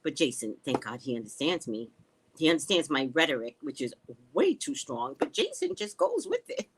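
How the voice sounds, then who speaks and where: Low-voiced woman on a home livestream, sarcastic and cussing, voice bouncing all over. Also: normal speed, a little hiss or hum. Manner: sarcastic, animated storytelling with frequent swearing. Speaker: psychic reader hosting a live stream. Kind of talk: casual live-stream chat, reading viewer comments aloud.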